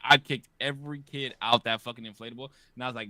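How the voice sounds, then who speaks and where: A man in his thirties hosts a podcast, telling stories in a loose, profane, animated manner. His voice has a bright, forceful edge. The sound is dry and close. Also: medium pitch, fast talker, no echo. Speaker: podcast host. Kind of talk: casual chat.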